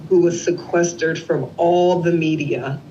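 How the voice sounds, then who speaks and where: Here a woman in her forties talks at a measured pace, her voice low, with a little hiss or hum present. As an interview guest she relates a heartfelt family story, vividly acting out the dialogue. The recording is lo-fi and slightly dull.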